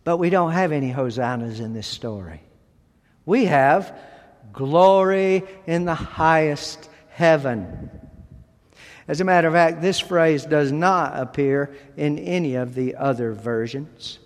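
Male pastor, sermon, slow deliberate delivery, slightly high voice, long hall reverb. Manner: deliberate, emphatic preaching with pauses.

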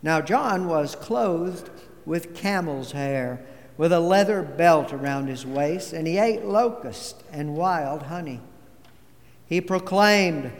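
A pastor delivers a sermon in a measured, deliberate manner, his voice sitting high for a man. He takes his time, letting each phrase land. A long reverb fills the sanctuary around him. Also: animated. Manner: measured, deliberate preaching with storytelling. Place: church sanctuary.

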